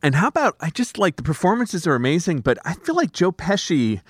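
A man's voice: fairly high pitch, fairly quick, slightly rough, no echo, clean studio sound. A man co-hosting a podcast, chatting casually about films, musing and restarting his sentences. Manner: musing, restarts often, lively. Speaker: podcast co-host. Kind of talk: casual film discussion.

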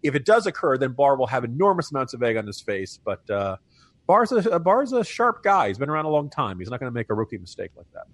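A man's voice: mid-range voice, big pitch swings, fast, no echo. A man co-hosting a political talk podcast, chatting wryly and often laughing at his own jokes. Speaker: podcast co-host, political commentator. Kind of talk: casual political chat.

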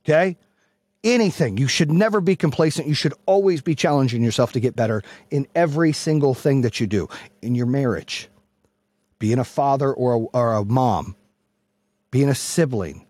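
Loud, husky-voiced man yelling motivation. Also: fairly high pitch, lively intonation, normal speed, no room sound. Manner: profane, blunt. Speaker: podcast host and business coach. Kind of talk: motivational speech.

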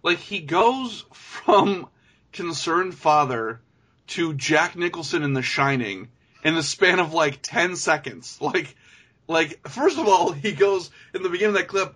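A man's voice: on the high side, animated, measured pace, a bit bright. A man co-hosting a podcast in casual chat, ranting with lots of swearing and "like". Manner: profane, ranting, many "like"s. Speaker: podcast co-host.

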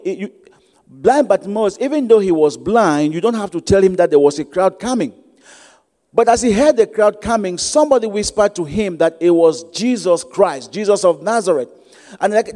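High-voiced man preaching in an echoing church. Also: mellow. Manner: repeats key phrases for emphasis. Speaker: guest preacher. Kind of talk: sermon. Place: church sanctuary. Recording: long church reverb.

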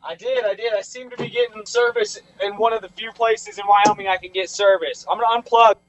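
A man calling in from a van on the road, sounding upbeat over a video call. His voice is strikingly high for a man and a little distant from the mic. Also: fairly even intonation, fairly quick. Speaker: remote caller, producer on the road. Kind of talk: casual chat. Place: inside a vehicle on the road. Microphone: phone or laptop video call.

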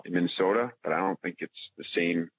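A low-voiced man with a husky, slightly breathy tone tells a long hunting story, circling back on his words and restarting often. His voice comes through a thin, tinny line, as if he called in by phone. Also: quick pace, no echo. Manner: rambling, many restarts and fillers, animated when retelling. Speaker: podcast guest. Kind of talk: casual storytelling.

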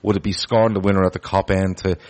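A man's voice: low voice, flat delivery, fast, a little mellow. A man hosting a casual football podcast, chatty and full of restarts as he reads out viewer comments. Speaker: podcast host.

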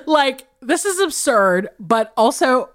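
A woman co-hosts a podcast, telling a film's story in loose, lively chat. Her voice sits on the higher side and swoops widely as she talks, with cursing along the way. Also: slow pace. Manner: animated, swearing, big laughs. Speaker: podcast co-host. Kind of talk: casual chat, recapping a film.

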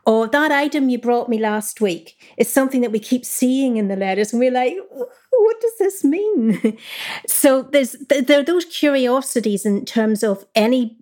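A woman historian being interviewed, explaining her subject in a clear, measured, conversational way. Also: a little high, a little mellow. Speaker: historian guest.

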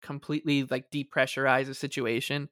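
A man co-hosting a sports podcast, talking in a measured, hesitant way. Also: medium pitch, little pitch movement, a bit bright, no echo, studio quality. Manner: measured, hesitant, many fillers and restarts. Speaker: podcast co-host. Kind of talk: casual sports talk.

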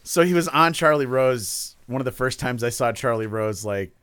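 A man's voice: mid-range voice, animated, normal speed, fairly bright tone. Rambling young man telling a story. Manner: rambling, storytelling, laughs often. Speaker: podcast host. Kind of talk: casual podcast chat.

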